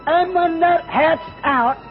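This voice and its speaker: A man preaching a sermon as a folksy story, in homespun country grammar, growing fervent and shouting at its peaks. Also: very high-pitched, slow. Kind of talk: folksy storytelling sermon leading into an altar call. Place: church service. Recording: dull lo-fi tape with music behind. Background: music.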